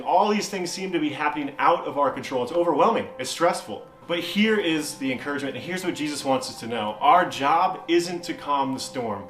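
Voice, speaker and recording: A man's voice: fairly high pitch, reverberant. A young man giving a casual youth sermon, telling a story with lots of energy and acting out the voices of the people in it. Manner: animated, acts out quoted voices, frequent "man" and "like". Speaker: youth pastor.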